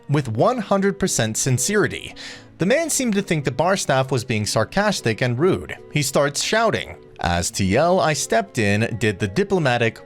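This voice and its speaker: Man narrating a story with lively intonation. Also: a little high, moderate pace. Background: faint music.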